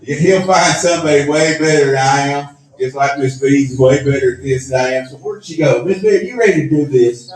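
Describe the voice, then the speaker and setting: A man's voice: on the high side, a little fast. A man hosting an awards show, telling a long self-mocking story and acting out the dialogue. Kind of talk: live storytelling to an audience. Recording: echoey room, mic at a distance.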